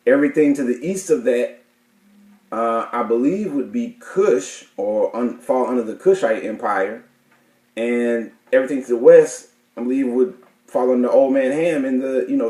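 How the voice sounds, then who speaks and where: A man's voice: medium pitch, animated, moderate pace, mellow, roomy sound, poor audio. A man teaching a class, reading out dictionary definitions and explaining them with many fillers and restarts. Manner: hesitant, many fillers and self-corrections.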